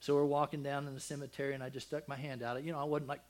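An older man preaching a sermon, telling a personal family story with deep feeling, dropping to a hush and then rising loud, with many restarts. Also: little pitch movement, rapid-fire. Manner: emotional, swings from loud and high to hushed and soft; rambling with frequent restarts.

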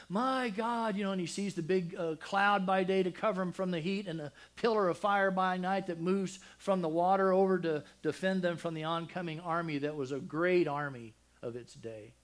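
Older guy preaching, bit high voice, goes real quiet then loud, rambly heartfelt storytelling. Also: moderate pace, hardly any pauses. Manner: emotional, swings from loud and high to hushed and soft; rambling with frequent restarts. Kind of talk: sermon with personal storytelling.

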